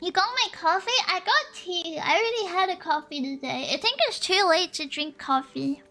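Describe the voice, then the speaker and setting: A woman's voice: very high voice, moderate pace. A young woman from Sweden, streaming and chatting casually with viewers in a giggly, playful way. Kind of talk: casual chat while reading viewer comments. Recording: soft lo-fi music underneath.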